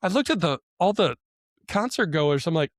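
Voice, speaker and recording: Middle-aged male podcast co-host, chatty and rambling, quick to laugh, slightly raised pitch, dry recording. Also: lively intonation, no echo. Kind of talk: casual podcast chat.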